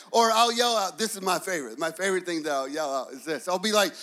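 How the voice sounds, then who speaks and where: A man in his thirties preaching a sermon, telling stories in an animated, playful way. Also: quick pace, few pauses. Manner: animated storytelling, acts out kids in high voices. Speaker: pastor.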